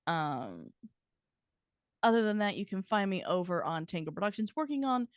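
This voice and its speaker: A woman's voice: lowish voice, smooth, dry recording, clean studio sound. A woman giving a chatty, giggly self-introduction as a tabletop player and game master on a stream.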